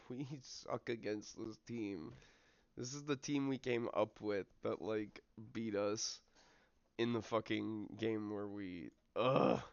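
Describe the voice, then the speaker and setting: An American man commentates his own football management game on a livestream, swearing in frustration and muttering as the matches play out. His voice sits low with a gravelly fry. The mic sounds dry and a bit muffled. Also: fairly even intonation, slow pace, darkish tone, no room sound. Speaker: streamer. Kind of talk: casual gaming livestream commentary.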